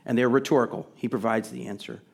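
A man's voice: medium pitch, fairly even intonation, fast talker, gravelly, slightly rough. A middle-aged man preaching a sermon in a conversational way, building to emphatic, rising questions. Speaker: pastor.

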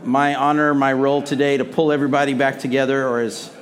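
A man's voice: mid-range voice, flat delivery, fast. Chatty man from Texas addressing a congregation. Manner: friendly, loose and chatty, with frequent restarts. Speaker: worship pastor. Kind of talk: conversational church address. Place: church service before a congregation. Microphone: sound system microphone.

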